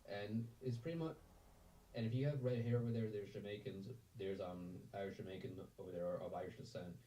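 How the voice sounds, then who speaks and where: A man talks casually on a video call, in a low and mellow voice, wandering from point to point. He sits some distance from his mic. A faint hum of noise lies under his speech. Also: fairly even intonation, a little fast. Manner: rambling, repeats "right there". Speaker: voice-acting community member.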